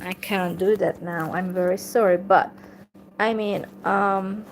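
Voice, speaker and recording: Slow, hesitant woman teaching phrases. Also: mid-range voice, gravelly, a little hiss or hum, rough recording. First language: Hungarian. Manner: hesitant, many fillers, repeats phrases slowly. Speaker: language teacher. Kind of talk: casual language lesson.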